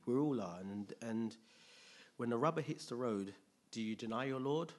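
A man preaching a sermon, retelling a story with lively, jokey slang asides. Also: mid-range voice, normal speed.

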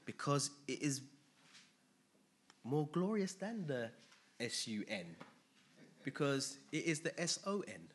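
A man preaching a sermon, emphatic and animated, asking his listeners rhetorical questions. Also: fairly high pitch, takes it slowly, long pauses, a little hiss or hum.

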